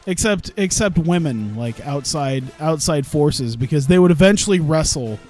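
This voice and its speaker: A man's voice: a little high, lively intonation, normal speed, a little mellow, soft background music. A man casually commenting on his own gameplay as a streamer, rambling and cutting himself off, laughing at his own jokes. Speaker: gaming streamer.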